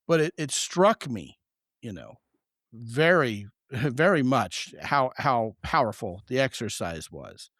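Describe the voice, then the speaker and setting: A man's voice: mid-range voice, dry recording, clean studio sound. Joking, storytelling male podcast host. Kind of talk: casual podcast conversation.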